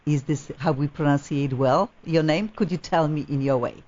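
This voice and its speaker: A woman's voice: deep voice, normal speed, a little mellow, highs cut off. A woman from Poland with a Polish accent, hosting a live radio talk show in a gushing, effusive way. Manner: effusive, gushing, non-native grammar.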